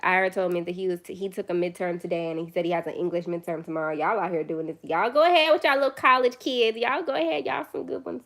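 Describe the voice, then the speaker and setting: A woman's voice: fairly low pitch, fast, few pauses, fairly bright tone. A young woman chatting casually on her first phone livestream, tired late at night, rambling and self-deprecating.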